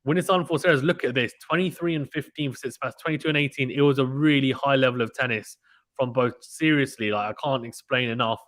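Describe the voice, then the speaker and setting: A man doing casual live play-by-play tennis commentary, reading out chat messages in an excitable, slangy way. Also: mid-range voice, fast talker, no room sound. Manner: chatty, excitable, uses British slang.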